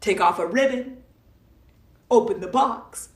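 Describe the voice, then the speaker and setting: Playful woman, higher voice, roomy sound. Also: moderate pace. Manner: playful and emphatic, with lots of repetition. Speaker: live-stream host and self-help coach. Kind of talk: casual motivational talk to a live audience. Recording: roomy echo, voice from a distance from the mic.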